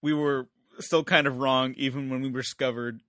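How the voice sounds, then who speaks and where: A man co-hosts a movie review podcast with a dry, sarcastic wit and a loose, filler-heavy way of talking. His mid-pitched voice sounds close and dead dry, with no room sound. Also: level tone, normal speed, a bit bright, no room sound. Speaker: podcast co-host. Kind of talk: casual movie review chat.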